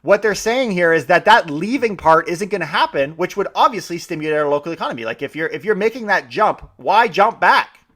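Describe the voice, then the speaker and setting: High-voiced, enthusiastic man. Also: lively intonation, brisk, pushed and bright. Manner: enthusiastic, chatty, frequent restarts. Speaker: podcast host. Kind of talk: casual podcast commentary.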